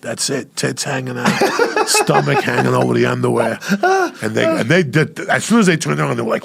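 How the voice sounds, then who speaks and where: A man, a comedian on a podcast, telling profane stories in a loud, crude, rowdy way with a gravelly voice. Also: mid-range voice, huge pitch swings, fairly quick, very noisy. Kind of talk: profane storytelling.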